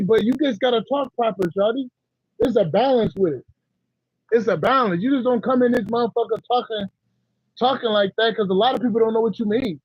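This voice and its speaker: High-voiced man, blunt slangy stream talk. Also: a little mellow, slightly rough, dry recording, muffled recording. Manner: blunt, rambling, slangy, laughing asides. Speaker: livestream host. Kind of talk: casual livestream chat to viewers.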